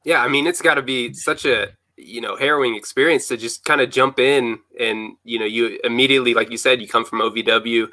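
Bright dry-voiced male host. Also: mid-range voice, fairly even intonation, a little fast, hardly any pauses, no echo, low-quality recording. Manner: admiring, conversational. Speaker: podcast host. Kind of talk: casual interview chat.

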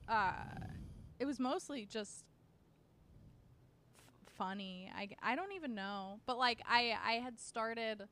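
A woman's voice: a little high, animated, slow, pauses often, bright, forceful tone, a little hiss or hum. A young woman chatting casually on a podcast, rambling and hesitant, with many fillers and restarts. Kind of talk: casual chat.

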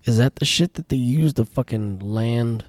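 A man's voice: mid-range voice, moderate pace, darkish tone, no room sound. A man co-hosting a casual podcast, ranting through profane stories about his work at a tire shop. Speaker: podcast co-host.

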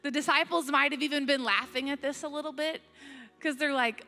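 A woman's voice: sits high, steady tone, fairly quick, sharp tone. A middle-aged woman preaching a sermon in a conversational way, reading scripture aloud with playful asides. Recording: long hall reverb, faint music.

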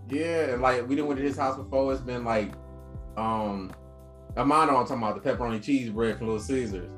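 A man spins loose, profanity-laced stories to his friends, full of slang and quoted back-and-forth. He sounds mid-pitched. There is an echoey room and a faint music bed behind him. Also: a little fast. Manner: animated, slangy, profane storyteller. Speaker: podcast co-host telling stories. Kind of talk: casual storytelling chat.

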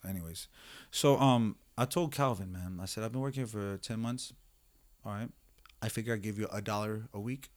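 A man hosting a casual podcast, telling profane, animated stories and doing the voices of people in them. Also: fairly low pitch, a little fast. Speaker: podcast host. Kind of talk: casual storytelling chat.

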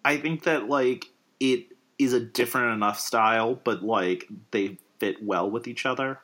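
A man casually discussing movies, rambling with many fillers and frequent jumps up in pitch. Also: moderate pace, a bit bright.

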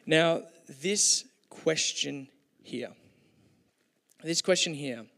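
A man's voice: medium pitch, gravelly, fairly bright tone. A man giving a conversational, humorous sermon with storytelling, with hesitations, in a hall with long reverb. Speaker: preacher.

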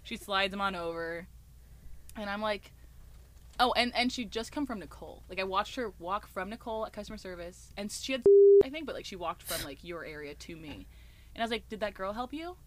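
A woman co-hosting a podcast, telling a story from her old job in a casual, animated way, with lots of "like" and laughter. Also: mid-range voice, a little fast, a little hiss or hum. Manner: animated, laughing, swearing, filler-heavy. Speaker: podcast co-host.

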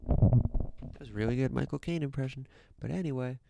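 A man's voice: mid-range voice, quick pace, vocal fry, dark tone, no room sound, clean studio sound. A young man streaming, ranting casually into his own mic, swearing, repeating himself and dropping into whispers. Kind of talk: casual rant to chat. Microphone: own desk mic.

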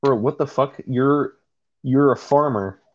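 A man's voice: mid-range voice, measured pace, darkish tone, no room sound, dull audio. A young man co-hosting a webtoon read-along, blunt and swearing with frequent laughs. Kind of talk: casual chat.

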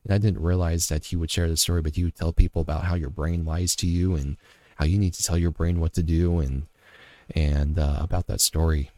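A man with a very low voice gives an earnest, reflective motivational faith talk. He tells a personal story as a father and circles back over his points. The sound is close and dry, with no room echo. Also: flat delivery, brisk, warm tone.

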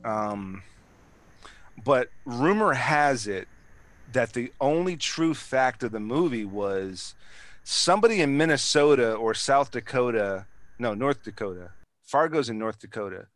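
A man's voice: medium pitch, animated, unhurried, no echo. Rambling, profane man in casual chat. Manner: profane, rambling, lots of restarts and fillers.

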